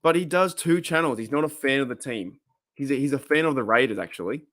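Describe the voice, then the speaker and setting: An Australian man hosting a podcast from his room alone, chatting in an excitable, rambling way and often laughing. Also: mid-range voice, fast. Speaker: podcast host. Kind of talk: casual livestream chat.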